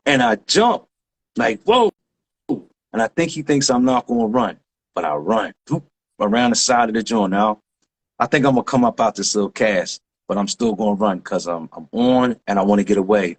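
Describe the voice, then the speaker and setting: A man, a graffiti writer guest telling a story in lively street slang with sound effects. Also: on the low side, normal speed, husky. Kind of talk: animated storytelling.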